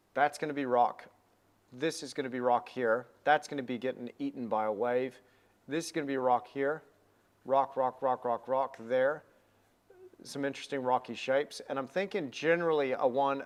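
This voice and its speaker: A young man giving a live painting lesson, chatty and rambling with a self-deprecating manner. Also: medium pitch. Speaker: painting instructor.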